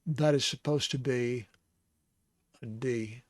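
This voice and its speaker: A man teaching the Hebrew alphabet in a casual, rambling way, sounding out syllables slowly and chuckling now and then. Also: medium pitch, no room sound, clean studio sound. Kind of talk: casual lesson.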